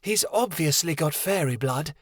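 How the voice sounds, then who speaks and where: A man voicing a gentle, affectionate female golden lioness in a raised, lilting voice. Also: a little high, expressive, moderate pace, no room sound, studio quality, pitched above the performer's own voice. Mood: fond.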